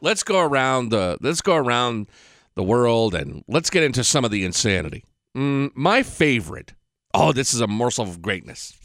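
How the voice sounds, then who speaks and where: A man's voice: mid-range voice, big pitch swings, normal speed, a bit bright, dry recording, studio quality. A man hosting an opinionated monologue, talking in a sarcastic, mocking way with profanity and rambling restarts. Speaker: political commentary host.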